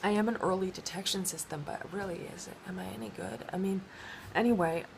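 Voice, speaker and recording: A woman talking in a rambling personal monologue, halting with many restarts and fillers. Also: medium pitch, creaky, a little hiss or hum.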